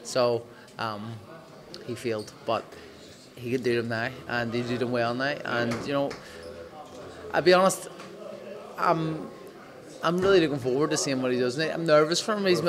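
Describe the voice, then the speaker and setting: A man's voice: mid-range voice, steady tone, moderate pace. A man with a Northern Irish accent, a boxer chatting frankly and swearing at ringside, often repeating his words. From Northern Ireland. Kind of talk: casual chat. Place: busy boxing arena. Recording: loud arena crowd behind.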